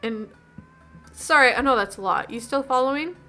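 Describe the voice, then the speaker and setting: A woman voicing an upset, rambling teenage girl in a video game, with a high, bright voice. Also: normal speed, soft background music. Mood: gossipy. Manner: rambling, gossipy, dejected.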